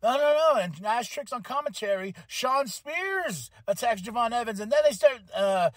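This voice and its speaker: A man hosting a podcast, recapping a wrestling show in a casual, chatty way and acting out lines in quick voices. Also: high-pitched, dry recording, clean studio sound. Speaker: podcast host.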